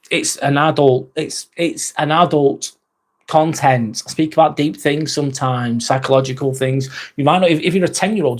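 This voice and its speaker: A man in his forties hosting a casual live stream, rambling and chatty as he reads out and answers viewer comments, with mild swearing. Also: mid-range voice. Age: 40s.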